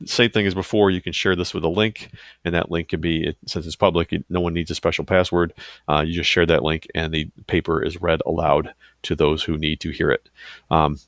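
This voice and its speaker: A man with a very deep, gravelly voice talks through a software tutorial on his computer in a loose, casual way. He fills pauses and adds asides as he clicks along, and the sound is close and dry. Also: no room sound. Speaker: teacher giving a software tutorial. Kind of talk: screen-recorded tutorial.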